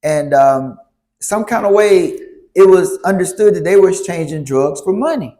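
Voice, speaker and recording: A man telling a story to a church youth group, animated, stopping to ask the audience questions. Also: high-pitched, moderate pace. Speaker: youth speaker.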